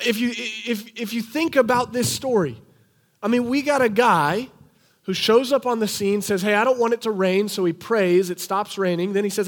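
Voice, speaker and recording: Young guy preaching, kinda high voice, animated storytelling, drops low for the quotes. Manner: animated, acts out quoted speech in a lower voice. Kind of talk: sermon storytelling.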